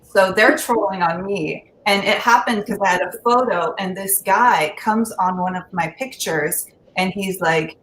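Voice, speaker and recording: A woman comedian works through a stand-up set at a slow, unhurried pace, chuckling at her own material. Her voice sits at a middling pitch and rings in an echoey room with a faint hum of ambience behind it. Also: fairly bright tone. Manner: slow, casual delivery, laughs at own jokes.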